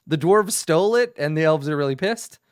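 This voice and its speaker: A man's voice: on the high side, animated, fairly quick, clean tone, no echo, clean studio sound. A man talking as game master, planning a tabletop adventure aloud, thinking things through with restarts. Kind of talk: casual session prep talk.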